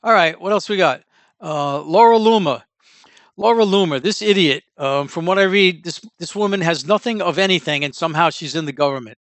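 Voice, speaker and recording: A man talks through a casual opinion monologue in a fairly high voice, wandering from point to point with blunt, offhand remarks. The sound is dry and close, with no room around it. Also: a little fast, hardly any pauses, bright, forceful tone, dry recording. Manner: rambling, digressive, blunt. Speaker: commentator.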